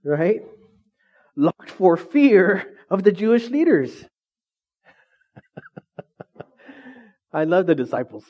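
A man's voice: sits high, very animated, extremely slow, pauses often, highs cut off. A male pastor preaching a sermon, repeatedly asking the congregation questions and prompting their replies. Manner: call-and-response questions to the congregation.

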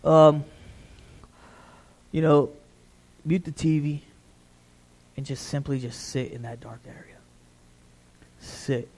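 A middle-aged man preaching a sermon in a relaxed, conversational way, often checking in with the congregation. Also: fairly high pitch, slow, gravelly, long pauses. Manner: conversational, repeats "right?" to the congregation.

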